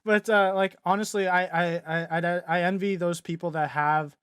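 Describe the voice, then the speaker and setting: A man's voice: high voice, steady tone, normal speed, fairly bright tone, smooth, dry recording. A young man co-hosting a podcast and chatting casually, rambling with lots of fillers. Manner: rambling, filler-heavy, laughs easily. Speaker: podcast co-host and streamer. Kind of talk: casual chat.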